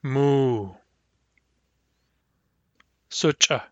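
A man's voice: medium pitch, fairly bright tone, no room sound, highs cut off. A man giving a recorded language lesson, carefully repeating each word and explaining its pronunciation. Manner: measured, spells out and repeats each word slowly. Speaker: language teacher.

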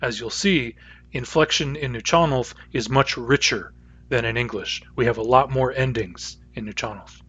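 A man teaching a language class, explaining grammar patiently and methodically with frequent pauses and fillers. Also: medium pitch, fairly bright tone, slightly rough, muffled recording. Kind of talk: lecture.

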